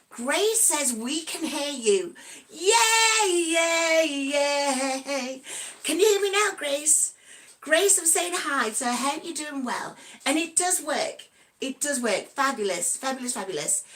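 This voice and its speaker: A woman's voice: sits high, a bit bright. A woman in her sixties hosting a casual live stream, chatty and cheerful, giggling often and greeting viewers by name. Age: 60s. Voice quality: giggly, breaks into snatches of song.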